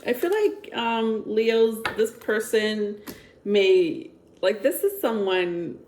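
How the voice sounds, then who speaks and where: A woman's voice: mid-range voice, expressive, takes it slowly, darkish tone, a little hiss or hum. A woman giving a casual tarot reading, chatty and rambling, with frequent filler words. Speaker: tarot reader.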